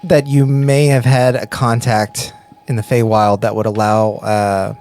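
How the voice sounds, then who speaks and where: A man narrating as game master of a tabletop game, pausing often with fillers. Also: mid-range voice, level tone, darkish tone. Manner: halting, with many fillers.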